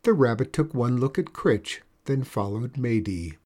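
Reading a children's story, a man uses an expressive storytelling style, his voice medium in pitch and his pace measured.

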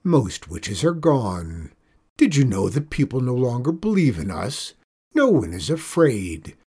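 A man reading a storybook and voicing a stern, snappish old female witch in a lowered, firm voice. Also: very animated, unhurried, a little mellow, breathy edge, exaggerated voice. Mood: grave.

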